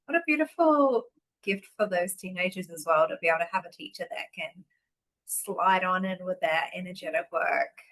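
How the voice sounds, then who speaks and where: A woman's voice: lowish voice, moderate pace, fairly bright tone, poor audio. A woman hosting a casual podcast interview, affirming and effusive toward her guest. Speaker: podcast host.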